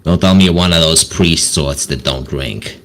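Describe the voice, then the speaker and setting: A man voicing a friendly, teasing tavern barmaid in a tabletop game, in a very low voice. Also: normal speed, fairly bright tone. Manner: coaxing, teasing.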